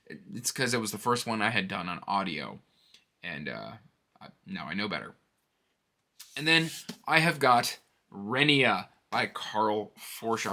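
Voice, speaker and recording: A man in his thirties hosting a casual book vlog, chatty and rambling, with animated asides. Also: fairly low pitch. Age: 30s. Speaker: book channel host.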